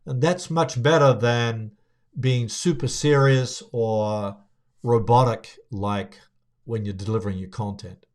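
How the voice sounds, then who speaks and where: A young man coaching viewers on speaking to camera, talking in a relaxed, conversational way with frequent fillers and restarts. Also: mid-range voice, takes it slowly. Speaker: video coach. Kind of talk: casual on-camera tutorial.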